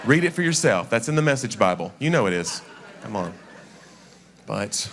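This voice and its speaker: A man with a Southern drawl from East Tennessee works a church crowd with a stand-up set. His voice is lively and swoops up and down as he chats and tosses off self-deprecating asides. A faint hiss of room noise sits behind him. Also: mid-range voice, normal speed. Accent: Southern American, East Tennessee. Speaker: stand-up comedian. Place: church sanctuary before a live audience.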